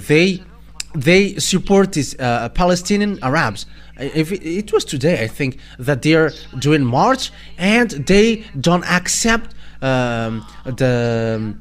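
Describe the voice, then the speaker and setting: A man with a Malagasy accent preaching a sermon in halting English, full of fillers and restarts. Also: a little high.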